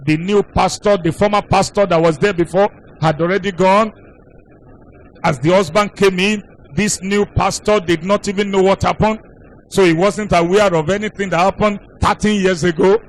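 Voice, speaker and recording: A male pastor preaching a sermon in an emphatic, repetitive cadence. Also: sits high.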